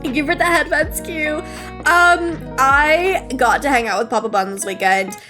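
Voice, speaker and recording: A young woman streaming, chatting casually and reading chat, giggly and bubbly, jumping between squeals and low mumbles. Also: normal speed, over music. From United States. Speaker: VTuber streamer.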